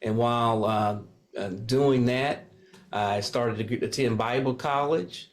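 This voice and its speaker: A man's voice: mid-range voice, measured pace. An older man from Kentucky, a pastor and candidate, speaking earnestly in an interview with frequent fillers. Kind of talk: casual interview talk.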